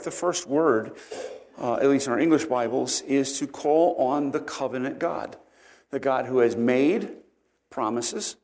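An earnest male preacher walking his listeners through a passage of scripture. His voice sits in an ordinary middle pitch, and he thinks aloud with "uh" and "um" as he explains each point. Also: a little mellow. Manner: earnest, explanatory, frequent fillers. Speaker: pastor. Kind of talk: sermon.

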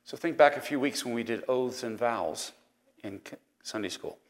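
A man's voice: mid-range voice, normal speed. A man with an East Coast American accent teaching a Sunday school Bible lesson in a conversational, digressive way. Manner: conversational, digressive, with fillers and asides.

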